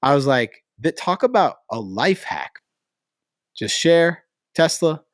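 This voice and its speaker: A man hosting a casual talk show, animated and slangy, with lots of fillers like "like" and "dude". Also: on the high side, slow pace, no room sound, studio quality. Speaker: podcast host. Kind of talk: casual chat.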